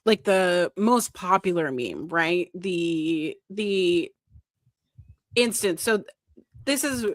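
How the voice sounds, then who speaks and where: A woman co-hosting a casual podcast, retelling events with animated flair and acting out quoted lines. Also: mid-range voice, dry recording. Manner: animated storytelling, acts out quoted lines, swears when worked up. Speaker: podcast co-host.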